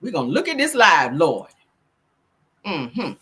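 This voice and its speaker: A woman doing casual celebrity gossip commentary, loud, sassy and profane. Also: fairly low pitch, huge pitch swings, measured pace, slightly rough.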